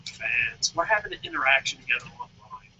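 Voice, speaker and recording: A man's voice: medium pitch, sing-song, fairly quick, pushed and bright, dull audio, a little hiss or hum. A man hosting a show and ranting in a heated, profane, emphatic way. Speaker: show host. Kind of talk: profane wrestling-commentary rant.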